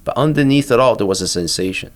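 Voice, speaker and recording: An older man, a physician, guiding a listener through a body-awareness exercise in a calm, patient, instructive way. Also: mid-range voice, fast. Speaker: physician and therapist guest. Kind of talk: guiding a mindfulness exercise in conversation.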